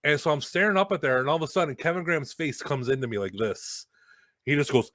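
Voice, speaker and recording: A young man hosting a casual chat, telling a story with lots of swearing and loud acted-out quotes. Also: a little high, fast talker, no room sound. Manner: animated, swearing, acts out quotes loudly. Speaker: host.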